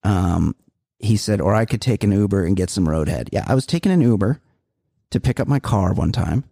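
Man, podcast host, profane rambling stories, husky voice, lively pitch. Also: fairly quick, dry recording, studio quality. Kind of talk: casual comedy chat.

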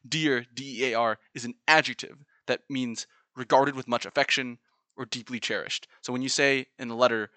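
A man's voice: mid-range voice, steady tone, moderate pace, bright, forceful tone, no echo. A man giving an earnest, playfully analytical explanatory monologue, breaking into short sung examples. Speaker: video essayist.

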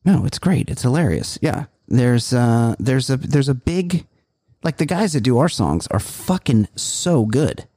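A man's voice: mid-range voice, very animated, measured pace, warm tone, breathy edge, no echo, studio quality. A man co-hosting a comedy podcast, swearing a lot and rambling through stories. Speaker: podcast co-host. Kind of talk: casual comedy podcast banter.

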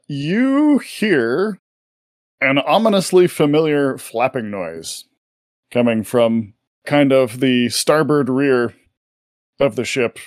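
A man's voice: medium pitch, no echo, clean studio sound. A man narrating a tabletop game as game master, rambling with many fillers.

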